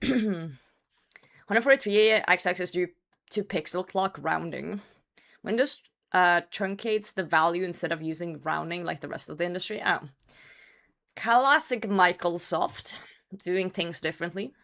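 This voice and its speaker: A woman streamer chatting casually with her viewers and reading their messages aloud, her voice worn and hoarse from a cold. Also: lowish voice, fairly bright tone. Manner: loose and chatty, swears, reads chat aloud and laughs. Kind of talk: casual livestream chat.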